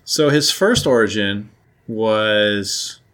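A man co-hosting a podcast, chatting about comics in a relaxed, reflective way. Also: on the low side, extremely slow. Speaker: podcast co-host. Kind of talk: casual conversation.

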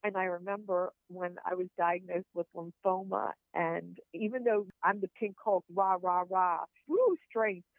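A woman's voice: fairly low pitch, fairly even intonation, moderate pace, few pauses, no echo. A woman guest on a podcast telling personal stories in an earnest, heartfelt, encouraging way. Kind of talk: personal storytelling over a call. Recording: tinny phone-line sound, dry.

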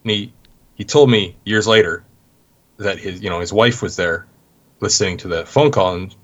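A Canadian man, a guest in an interview, telling stories in a relaxed way with plenty of "you know" fillers. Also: lowish voice, normal speed, lo-fi sound. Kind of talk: casual interview talk.

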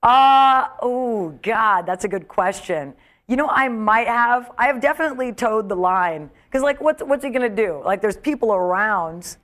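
A woman's voice: on the high side, moderate pace. A woman comedian, a guest on a talk show, chatting casually and acting out quotes as she tells stories. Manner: chatty, animated storyteller, acts out quotes.

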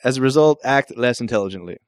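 Male co-host, easygoing casual chat, frequent laughter; middle pitch, dry sound. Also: expressive, dry recording. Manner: laughs often, quick agreeable responses. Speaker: podcast co-host.

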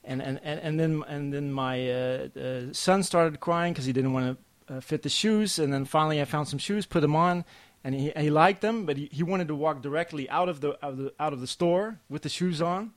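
A man, a podcast guest telling a family story in a halting, lively way. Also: on the high side. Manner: halting, restarts often, lively when telling stories. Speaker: podcast guest, comic artist. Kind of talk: casual storytelling chat.

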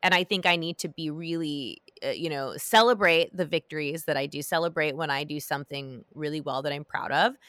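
A woman's voice: sits low, a bit bright, dry recording. A woman hosting a podcast, chatting casually with lots of fillers and restarts. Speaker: podcast host. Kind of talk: casual chat.

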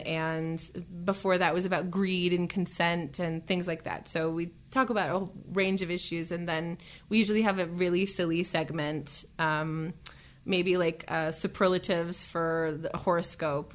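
A woman's voice: lowish voice, steady tone, measured pace. A chatty young woman talking as a guest in an interview. She is bubbly and laughs often, and she fills her talk with likes and you-knows. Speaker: musician and voice actor guest. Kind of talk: casual interview chat.

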